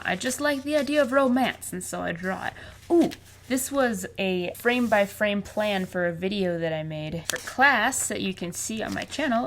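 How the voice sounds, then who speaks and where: A woman in her twenties chatting casually in a vlog, playful and full of quick asides. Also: medium pitch, a little hiss or hum. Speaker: vlogger and artist. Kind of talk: casual chat.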